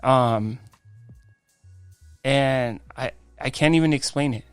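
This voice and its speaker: A man, a guest on a faith podcast, telling his life story in an animated way, acting out quoted dialogue. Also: medium pitch, slow, clear, resonant tone, no room sound, faint music behind. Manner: frequent restarts and "I'm like" quoting.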